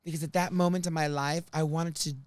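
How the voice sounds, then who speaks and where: Man, storytelling, animated, acts out voices, dry close sound. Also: fairly high pitch, quick pace, smooth, no echo. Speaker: host. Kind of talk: comedic storytelling chat.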